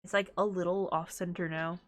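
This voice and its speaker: A woman streamer chatting casually and excitedly while playing through a game, with giggly asides. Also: on the low side, a little fast.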